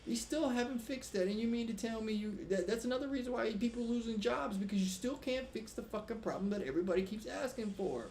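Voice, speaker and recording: A man's voice: high-pitched, a little fast. A man streaming a game live, cursing and venting as he plays. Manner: profane, venting, animated. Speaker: gaming streamer. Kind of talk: live gameplay commentary. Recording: roomy livestream audio with faint background noise.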